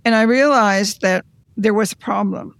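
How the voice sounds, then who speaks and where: An art conservator recounting their career in an interview, in a measured, reflective storytelling manner. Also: medium pitch, creaky, fairly bright tone, no echo.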